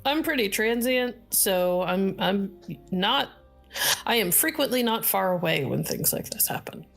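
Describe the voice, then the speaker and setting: A woman's voice: mid-range voice, lively intonation, a little slow, creaky, soft background music. Woman voicing a laid-back drifter man. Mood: nonchalant. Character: lackadaisical scruffy transient man.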